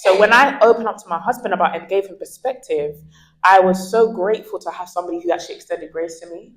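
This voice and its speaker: This twenty-something guest in a candid interview is an animated storyteller who performs quoted dialogue. Her voice sits fairly low and moves quickly, captured on a rough recording.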